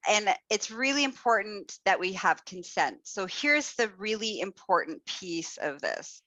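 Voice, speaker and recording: A woman hosting a casual talk, speaking in an animated, expressive and blunt way. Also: on the low side, no echo. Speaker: podcast host. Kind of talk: casual chat.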